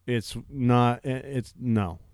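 A man co-hosting a movie podcast, rambling casually, laughing and swearing, often trailing off quietly. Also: mid-range voice, slow, no echo, studio quality. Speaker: podcast co-host. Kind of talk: casual chat.

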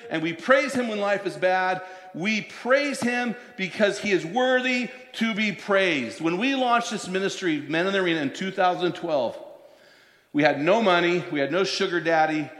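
A man in his fifties, a pastor preaching a sermon who tells stories and slows down to stress scripture lines. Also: sits high, sharp tone. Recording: echoey hall, long reverb.

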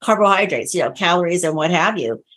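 Husky low-voiced woman coaching on diet. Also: quick pace. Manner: chatty, tells stories with lively quoted dialogue. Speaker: nutrition and diabetes coach, guest. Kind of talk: casual podcast interview.

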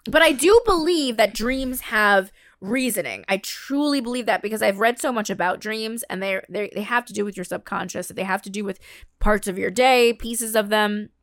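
A woman's voice: mid-range voice, moderate pace, fairly bright tone, dry recording. Young woman, supportive, earnest, casual, dry sound. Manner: supportive listener, earnest when explaining. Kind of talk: casual chat.

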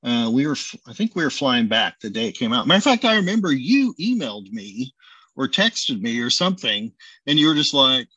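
A man's voice: mid-range voice, fairly quick, slightly rough, no echo, highs cut off. A man, a chef and restaurant owner, telling a long anecdote in a casual interview, acting out bits of the dialogue as he goes. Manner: animated storyteller acting out dialogue.

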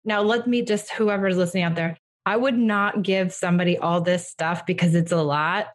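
Middle-aged female parenting coach, low register, practical and reassuring. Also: fairly even intonation, moderate pace. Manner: warm reassuring coaching, acts out gentle phrases to a child. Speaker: parenting coach and podcast host. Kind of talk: casual advice chat.

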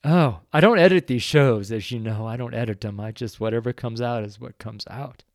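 A man's voice: medium pitch, no echo, studio quality. A middle-aged man hosting a devotional podcast, praying and sharing testimony in an earnest, emotional way, choked up with tears. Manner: emotional, tearful, slow and earnest. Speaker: podcast host.

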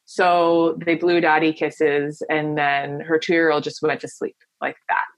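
A woman's voice: sits low, level tone, unhurried, no echo. Earnest woman telling a story. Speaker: guest. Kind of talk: conversational interview.

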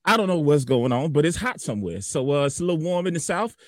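A man's voice: on the high side, very animated, quick pace, no room sound, studio quality. A man doing a joking weather report on a comedy morning show, loose and rambling in slangy casual talk.

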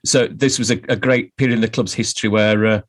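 A man talking as an interview guest, wry and halting, with many restarts and laughs. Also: on the low side, steady tone. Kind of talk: casual interview chat.

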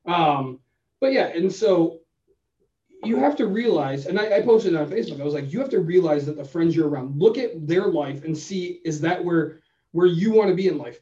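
A man co-hosting a podcast, telling a story in a casual, animated way and acting out both sides of the conversation. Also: on the high side, normal speed. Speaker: podcast co-host. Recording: roomy, distant, dull sound.

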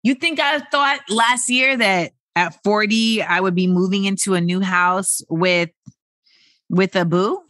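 Bright, chatty woman in her forties. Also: medium pitch, a little slow, no room sound. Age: 40s. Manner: animated and chatty, many filler words, bursts of loud excitement. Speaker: podcast host. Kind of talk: casual solo podcast monologue.

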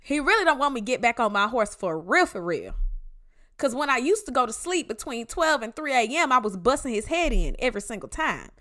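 A woman's voice: a little high, very animated, fairly quick, pushed and bright. A woman from Georgia with a Southern accent hosting a devotional podcast, exhorting her listeners in emphatic, slangy casual talk. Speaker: podcast host.

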